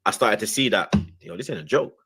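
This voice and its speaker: A young man, telling a story in casual, slangy chat and acting out what people said in a higher voice. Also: quick pace, breathy edge. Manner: animated storyteller, slangy, acts out quotes in a higher voice. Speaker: show host.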